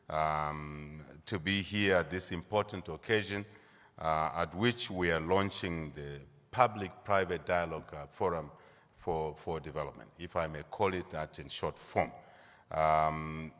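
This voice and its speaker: Deep-voiced Zambian man giving a speech. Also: normal speed, fairly bright tone. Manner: emphatic, repeats key phrases for stress. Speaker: government leader. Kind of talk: formal public speech. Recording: long hall reverb.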